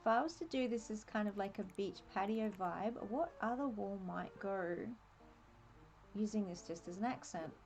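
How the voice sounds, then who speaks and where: An Australian woman streaming a game, chatting and thinking aloud in a relaxed, laughing way. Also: medium pitch, moderate pace, a little hiss or hum. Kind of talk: casual live-stream commentary.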